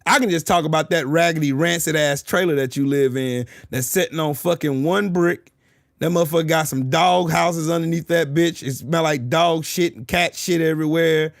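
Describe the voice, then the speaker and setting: A man's voice: fairly high pitch, moderate pace, creaky, no room sound, clean studio sound. A man trash-talking his chat on a livestream, taunting and boasting, repeating his jabs over and over. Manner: profane, boastful. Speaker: streamer arguing with chat.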